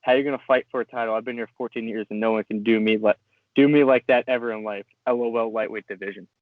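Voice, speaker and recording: A man's voice: medium pitch, fast talker, dry recording. Guy cohosting a sports podcast, laughs a lot, tinny phone sound, dry. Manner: excited, laughs often, reads tweets aloud. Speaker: podcast co-host. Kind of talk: casual sports chat.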